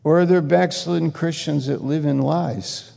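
Slow gravelly preacher in a reverberant hall. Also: male voice, a little high, warm tone. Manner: emphatic, repetitive rebukes with rising intensity. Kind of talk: sermon.

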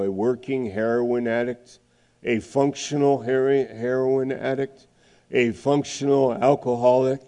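A middle-aged man preaching a sermon, emphatic, with dramatic pauses and swings from loud to hushed. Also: mid-range voice, smooth.

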